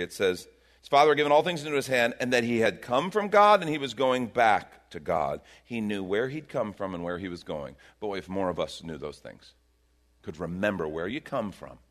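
A middle-aged man preaching a sermon in a conversational, animated way, acting out the voices of people in the story. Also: lowish voice, normal speed. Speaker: pastor.

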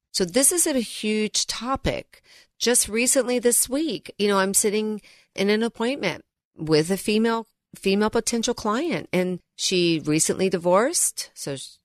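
A woman's voice: on the low side, a bit bright, dry recording, clean studio sound. A middle-aged woman co-hosting a financial radio show, telling stories in an earnest, emphatic way. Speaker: financial advisor and co-host. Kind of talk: radio talk show chat. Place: radio studio. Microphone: studio mic.

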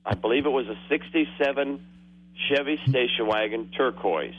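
A man's voice: medium pitch, normal speed, breathy edge. A man in his sixties calling a radio show, telling rambling stories and laughing through them. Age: 60s. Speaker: caller. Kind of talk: phone-in storytelling. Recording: muffled phone line on the radio.

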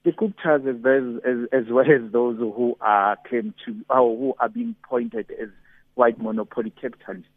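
A man giving political analysis as a guest on a talk show, deliberate and repeating words as he builds up his point. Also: mid-range voice, animated, gravelly, no echo. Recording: tinny phone line.

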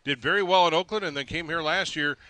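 A man hosting sports talk, asking brisk, enthusiastic questions and summing up the guest. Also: fairly high pitch, pushed and bright, no room sound. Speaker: sports radio host.

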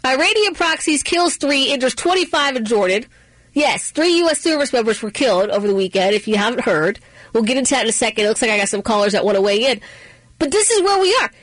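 Woman, radio talk host, emphatic, higher voice, dry studio sound. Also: sing-song, quick pace, no room sound, low-quality recording. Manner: emphatic, repeats phrases for punch. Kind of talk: political talk radio monologue.

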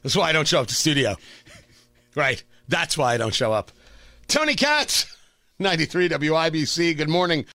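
Stammering high-voiced radio host man. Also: lively intonation, moderate pace, sharp tone, no room sound, soft background music. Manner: joking, stammering, repeats words. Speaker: radio morning show host. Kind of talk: casual morning radio chat.

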